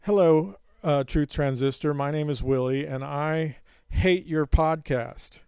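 A man's voice: a little high, a little slow, creaky, darkish tone, clear, resonant tone, no room sound, clean studio sound. A man voicing a rude nine-year-old boy who insults the host. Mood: bratty. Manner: bratty and insulting.

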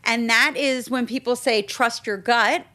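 A woman's voice: a little high, a little slow, sharp tone. Woman explaining crystals like a shopkeeper. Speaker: podcast co-host and crystal shop owner. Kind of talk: casual explanatory chat.

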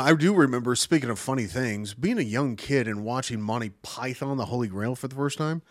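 A man chatting on his own podcast in a loose, rambling way, swearing freely and cracking himself up. His pitch jumps around a lot as he talks, and the sound is dry and close to the mic. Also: dry recording. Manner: rambling, profane, giggly. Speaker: podcast host. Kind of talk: casual chat.

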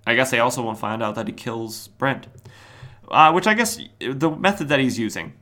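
A podcast host casually retelling an old comic book story, with wry asides and quick mock voices for the characters. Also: male voice, mid-range voice, lively intonation, sharp tone.

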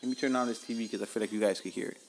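A man's voice: lowish voice, very fast, vocal fry, faint music behind. A man hosting his own podcast from home, telling stories casually and animatedly with plenty of swearing. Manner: animated, profane, laughs at himself. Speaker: podcast host.

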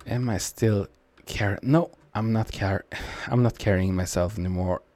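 A young man with a Norwegian accent talks through his match in a loose, rambling way, poking fun at himself. His voice is fairly low and mellow, and he speaks at an unhurried pace. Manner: rambling, low-key, self-mocking. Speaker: gamer commenting on his match. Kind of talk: casual gameplay commentary.

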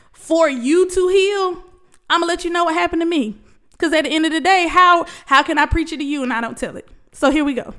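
A woman's voice: high voice, bright, forceful tone. A woman giving an emotional, preachy motivational talk to her viewers, calling them baby and y'all as she urges them to open up. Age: adult, past college. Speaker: vlogger. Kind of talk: heartfelt motivational talk to camera.

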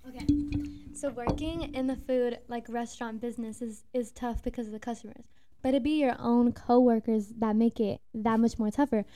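A young woman, a former restaurant host, telling a work story in casual chat, animated and emphatic. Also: on the high side, normal speed. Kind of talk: casual storytelling among friends.

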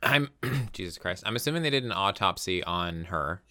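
Very deep crisp-voiced blunt man. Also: lively intonation, normal speed, pushed and bright, dry recording. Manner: blunt, swears freely, reads articles aloud. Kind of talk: casual chat.

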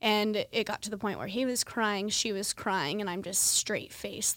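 A woman's voice: mid-range voice, moderate pace, a bit bright, dry recording. A young woman in her twenties hosting a podcast, telling a personal story in a candid, conversational way with lots of fillers. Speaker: podcast host.

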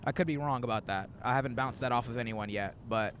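This mid-range, slightly bright voice belongs to a man in his twenties, a comedian hosting a casual chat during a road trip in a moving car. He talks fast, rambling through stories peppered with quoted asides, over a faint hiss or hum.

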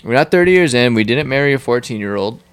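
A man's voice: medium pitch, expressive, fast, clean tone, no room sound. A young man co-hosting a podcast, teasing and making crude jokes while laughing often. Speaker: podcast co-host. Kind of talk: casual chat.

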